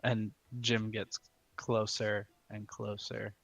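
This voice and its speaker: A man playing a tabletop game, describing his character's actions in a halting way. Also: lowish voice, monotone, gravelly, fairly bright tone, no echo, muffled recording. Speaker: player.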